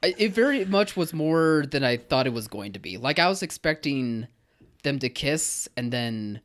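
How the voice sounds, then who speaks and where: A man's voice: mid-range voice, expressive, moderate pace. A man co-hosting a podcast, giving a film review in casual chat, earnest and hesitant with frequent restarts.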